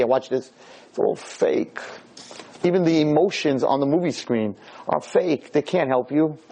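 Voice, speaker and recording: Before a live audience in a room, a rabbi teaches Torah emphatically, repeating himself and varying his pitch up and down. His voice comes across a little mellow, and the audio is poor.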